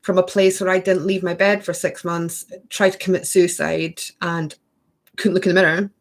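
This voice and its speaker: A woman's voice: fairly low pitch, level tone, moderate pace. A woman hosting a spiritual workshop, chatting effusively through a casual live-stream Q&A and answering viewers by name.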